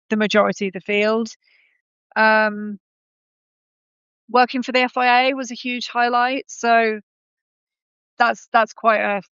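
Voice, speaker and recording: A woman's voice: mid-range voice, creaky, a bit bright, clear, resonant tone, no echo, muffled recording. A woman in her thirties, a podcast guest, telling her story in a conversational way with frequent ums and self-corrections.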